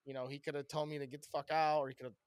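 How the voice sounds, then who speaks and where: Loud, rambunctious man on a podcast. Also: on the high side, flat delivery, rapid-fire. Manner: loud, rambunctious storyteller, swears a lot. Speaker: podcast co-host. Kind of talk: casual podcast chat.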